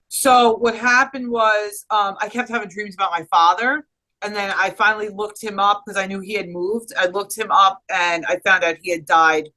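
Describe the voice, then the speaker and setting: Woman interview guest, bright and forward tone, earnest, rambling delivery with restarts. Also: mid-range voice, rough recording. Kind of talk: personal storytelling in conversation.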